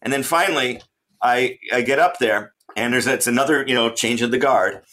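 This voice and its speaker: A man, an author and traveler, telling a travel story as a guest in an interview, animated and laughing often. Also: mid-range voice, normal speed.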